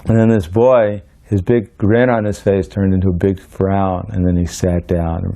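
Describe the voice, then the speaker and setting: A man recounts old memories of his spiritual teacher in a relaxed storytelling way. His voice sits low and sounds dark and mellow. Now and then he acts out the people in his stories with lively voices. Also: normal speed. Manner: animated, acts out quoted voices, laughs while telling. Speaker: disciple sharing memories. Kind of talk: storytelling reminiscence.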